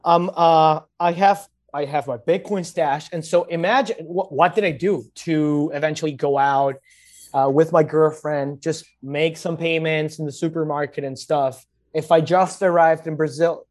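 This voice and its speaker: A man's voice: fairly high pitch, steady tone, moderate pace, a little mellow. A man in casual conversation who tells stories with frequent laughter and hypothetical asides. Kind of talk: casual chat.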